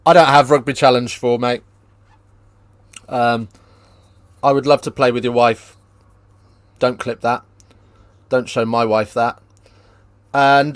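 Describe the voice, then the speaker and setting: A man hosting a live rugby watchalong, chatting casually with viewers and breaking into excited play-by-play. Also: mid-range voice, unhurried, long pauses, clear, resonant tone, dry recording, clean studio sound. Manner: casual, banters with live chat, lifts into excited play-by-play on tries. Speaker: watchalong host. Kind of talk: live watchalong commentary and chat.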